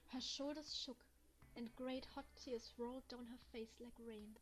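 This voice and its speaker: High-voiced German woman reading a game. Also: steady tone, normal speed, faint music behind, poor audio. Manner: emotional, exclaiming reactions between hushed reading. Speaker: gaming let's player. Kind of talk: reading a visual novel aloud with commentary.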